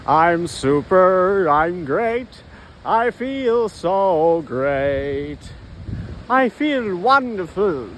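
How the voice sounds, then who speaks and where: Guy doing a high, slow, gushy posh english voice in his head, all darling this and darling that. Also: animated, a little hiss or hum, exaggerated voice. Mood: gushing. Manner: gushing, drawn-out, sing-song, says "darling".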